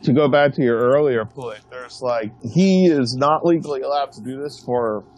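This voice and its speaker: A man co-hosting a podcast, explaining a point step by step with halting restarts. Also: medium pitch, a little mellow. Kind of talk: casual podcast talk.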